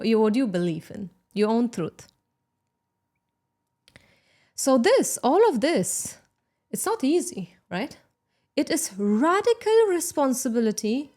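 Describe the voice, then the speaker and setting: A woman delivers a motivational self-help talk in a slightly high voice. She speaks slowly and deliberately, stressing her key points and slipping in sarcastic asides. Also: a little mellow. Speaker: self-help podcast host.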